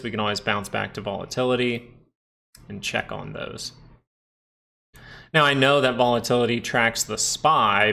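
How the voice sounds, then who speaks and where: Gravelly-voiced man talking through charts. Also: lowish voice, bright, forceful tone. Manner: chatty, explains while reading viewer chat; frequent tag questions like "right?". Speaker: stock market livestream host. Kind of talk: casual live chart analysis.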